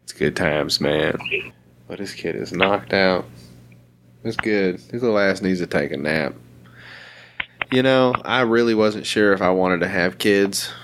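Low-voiced man, blunt casual podcast host. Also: a bit bright, slight background noise. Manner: profane, laughing, blunt. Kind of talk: casual chat.

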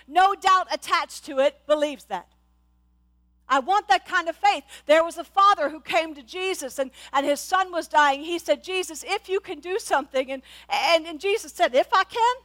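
A woman's voice: high voice, a bit bright. A middle-aged woman pastor preaching a sermon with passion, often repeating her words and stumbling on restarts.

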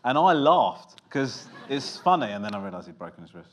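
A comedian in a casual interview, telling stories in a dry, self-mocking way with lots of "uh" and restarts. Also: male voice, medium pitch, big pitch swings, fairly quick, a little hiss or hum. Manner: dry self-deprecating storytelling with fillers. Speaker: comedian guest.

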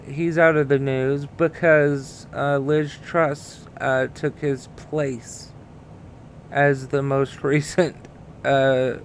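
Slow, halting man hosting a podcast. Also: medium pitch, slight background noise. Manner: halting, many fillers and restarts, swears freely. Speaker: podcast host. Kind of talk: casual solo commentary.

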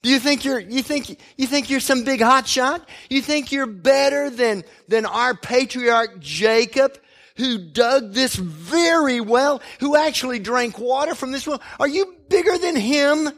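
A man's voice: very high voice, lively intonation, unhurried, a bit bright, pitched above the performer's own voice, heavily acted. A man putting on a scoffing Samaritan woman. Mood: scornful. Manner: mocking, incredulous questioning. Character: sharp-tongued scornful Samaritan woman at a well.

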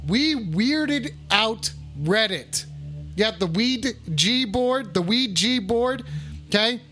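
Rowdy high-voiced man. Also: lively intonation, slow pace, soft background music. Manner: rowdy, swearing, repeats his shouted catchphrase. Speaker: call-in stream host. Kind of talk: profane casual livestream banter.

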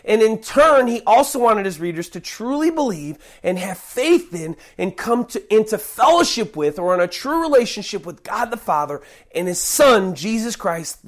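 Preacher going verse by verse, gets loud and emphatic, restarts a lot. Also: medium pitch. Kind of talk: Bible teaching sermon.

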